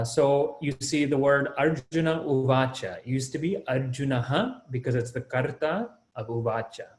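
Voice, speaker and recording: Man teaching an online class, echoey room. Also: mid-range voice. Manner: explaining step by step, checking in with "right?" and "okay?". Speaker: Sanskrit teacher.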